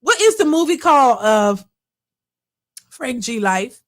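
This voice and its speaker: Rambling woman on a livestream, kinda high voice, chatting to y'all. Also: big pitch swings, slow. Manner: rambling, talks to viewers as y'all, reads super chats. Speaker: reaction channel host. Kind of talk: casual livestream chat.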